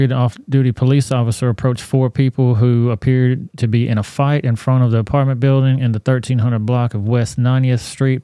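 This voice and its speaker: A man hosting a podcast, commenting on a news video in a blunt, profane, animated rant. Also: medium pitch, clean tone, no room sound, clean studio sound. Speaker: podcast host.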